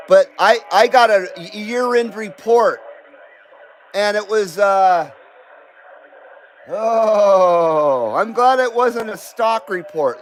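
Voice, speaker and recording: A man's voice: sits high, slight background noise, rough recording. A man from the West Coast of the United States hosting a casual live stream, rambling and self-deprecating, often laughing and reading viewer comments aloud.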